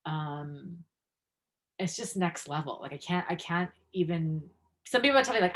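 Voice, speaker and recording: A woman's voice: fairly low pitch, moderate pace. A woman guest coach talking in a podcast interview, earnest and filler-heavy, livening up when she tells stories about her classes. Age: adult, practicing five years. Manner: earnest, many fillers, lively when telling anecdotes.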